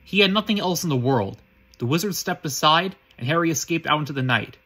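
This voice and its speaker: A man reads a fan story aloud in a husky, breathy voice. He reads fast and pitched a bit high. He stumbles often and restarts words. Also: animated, bright, forceful tone. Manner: halting, frequent restarts and slips. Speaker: reader.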